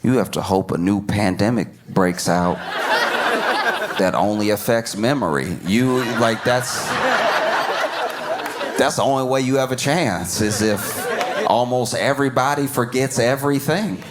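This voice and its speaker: Man, stand-up comedian, animated, laughing delivery, clear background noise. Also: medium pitch, unhurried, over a noisy crowd. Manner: animated, laughing through lines, slips into quoted voices.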